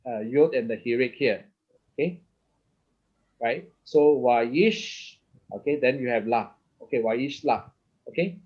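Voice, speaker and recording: A man with a mid-pitched voice teaches a lesson, checking in constantly with "okay?" and "right?". He restarts his sentences often as he explains each step. The recording sounds slightly dull and lo-fi. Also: a little mellow. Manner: halting, many restarts, keeps asking okay. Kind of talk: lesson explaining Hebrew vowel points.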